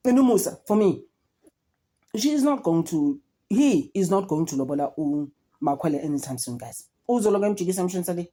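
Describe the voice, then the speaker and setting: A woman's voice: fairly low pitch, fast. A young South African woman chatting casually as she reviews a reality show, switching languages and calling on her viewers. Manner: chatty, code-switching, animated gossip with frequent "guys" and laughs. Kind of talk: casual chat.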